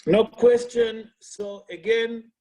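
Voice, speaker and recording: A man's voice: very high-pitched, little pitch movement, takes it slowly, dark tone. A man who is a rabbi teaching an online class over a video call. He talks earnestly, asks rhetorical questions and uses non-native English grammar.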